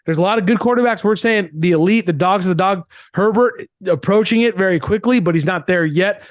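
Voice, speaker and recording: A man's voice: high-pitched, fairly quick, dry recording, studio quality. A man co-hosting a sports podcast in casual chat, emphatic and opinionated, hammering his points by repeating them. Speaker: podcast co-host.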